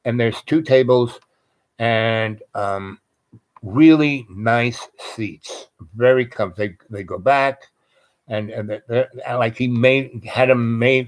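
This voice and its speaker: Guy with a regular middle pitch rambling thru a story, lots of restarts and swearing. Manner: rambling, digressive, frequent restarts and profanity. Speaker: guest telling a personal story. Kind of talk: casual anecdotal storytelling.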